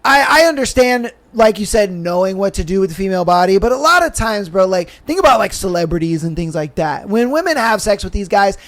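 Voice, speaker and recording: High-voiced frank podcast host. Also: male voice, lively intonation, fairly quick, few pauses, fairly bright tone. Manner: emphatic, frank, says bro a lot. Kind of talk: casual podcast chat.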